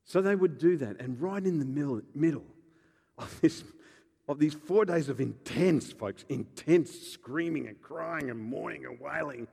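A man, a pastor preaching a sermon with animated, joking storytelling and acted-out voices. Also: on the high side, a little slow, creaky, husky, long reverb tail.

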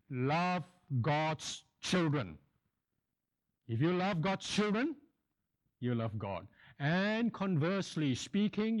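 A middle-aged male pastor preaching at a slow, deliberate pace. His voice sits a little higher than most men's, and he leans on repetition to drive each point home. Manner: emphatic, repeats phrases for stress. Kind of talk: sermon.

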